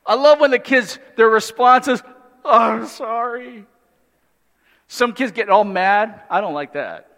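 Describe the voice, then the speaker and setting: A man preaching a sermon in an animated way, with humorous asides and acted-out voices from the story. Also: high-pitched, moderate pace. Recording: long hall reverb.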